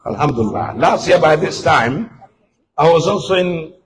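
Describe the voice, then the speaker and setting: Animated older man giving a speech. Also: on the high side, normal speed, a crowd in the background. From Gambia. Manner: animated, voice rising as the story builds. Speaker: guest speaker. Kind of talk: storytelling speech at a book launch. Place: event hall. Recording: distant mic with faint room noise.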